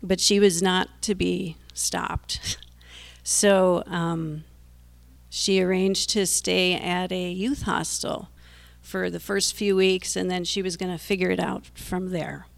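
Middle-aged woman with a gravelly edge. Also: fairly low pitch, level tone, slow. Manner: self-described worrier, earnest and anxious retelling; breaks into nervous laughs. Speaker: storyteller. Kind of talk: personal storytelling to an audience.

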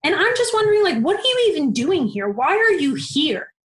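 Stern, indignant woman supervisor, put on by a female storyteller; high voice, reverberant room. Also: lively intonation, brisk, fairly bright tone. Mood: exasperated scolding. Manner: scolding, indignant.

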